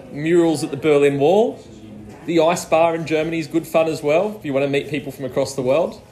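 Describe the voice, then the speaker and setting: Man, Australian accent, slightly high pitch, relaxed, casual chat. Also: fairly quick, poor audio. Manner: relaxed, easygoing, with fillers. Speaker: guest, tourist. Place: busy pub.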